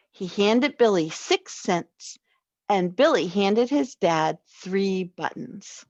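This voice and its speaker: Slow, expressive woman reading a story. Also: on the low side, no room sound, dull audio. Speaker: story reader. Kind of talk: reading a children's story aloud.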